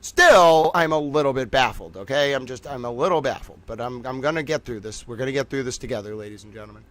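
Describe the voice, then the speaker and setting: A man's voice: mid-range voice, fast talker, fairly bright tone. A man hosting a casual livestream, talking to his chat with theatrical mock outrage while fiddling with his computer. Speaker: livestream host.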